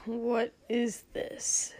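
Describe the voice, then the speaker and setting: A woman voicing a hungover, grumpy young male prince who mutters in a hoarse, whispery voice. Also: medium pitch, fairly even intonation, slow pace, darkish tone. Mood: groaning. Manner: sullen, muttering.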